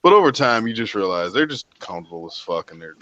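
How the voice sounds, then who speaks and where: A man's voice: lowish voice, fast, muffled recording, a little hiss or hum. Profane, rambling man telling stories. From United States. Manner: profane, rambling, animated storytelling. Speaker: livestream host. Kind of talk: casual group chat storytelling.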